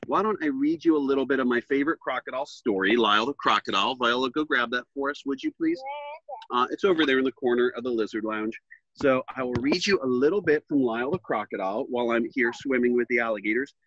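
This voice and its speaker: Bright, chatty man reading aloud. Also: medium pitch, lively intonation, fast, lo-fi sound, a little hiss or hum. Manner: chatty, playful storyteller aside. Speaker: reptile sanctuary educator. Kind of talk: reading a storybook aloud to children. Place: outdoor alligator pond.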